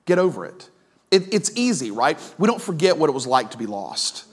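A man's voice: fairly high pitch, sing-song, brisk, husky. A male pastor giving a conversational sermon, full of asides, restarts and questions to the congregation.

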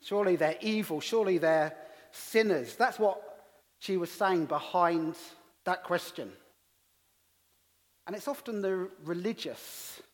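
A middle-aged English man preaching as a pastor, telling stories with self-deprecating humour. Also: sits high. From England. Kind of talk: sermon. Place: church hall. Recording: long reverb of a church hall.

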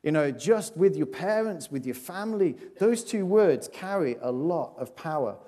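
A man's voice: a little high, animated, normal speed, dark tone. A man giving a playful children's talk in a church service, chatting and asking the audience questions. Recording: long reverb of a large hall.

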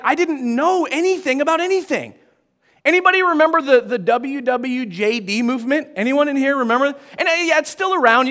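A man's voice: very high-pitched, fairly bright tone. A man in his forties preaching a sermon to his congregation in a church, chatty and self-deprecating, with frequent asides to the room. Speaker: pastor. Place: church auditorium.

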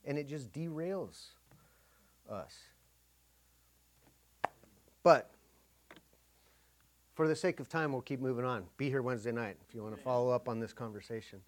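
A middle-aged man delivering a sermon in a relaxed, conversational way, with a voice of ordinary pitch. He often slips into acting out little inner dialogues while he preaches. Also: moderate pace, long pauses. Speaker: pastor.

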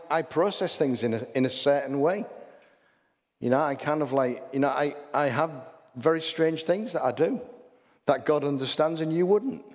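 A man's voice: fairly high pitch, darkish tone. A man with a Hull accent preaching a sermon, chatty and full of rhetorical questions and restarts. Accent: Hull English. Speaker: pastor. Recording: long hall reverb.

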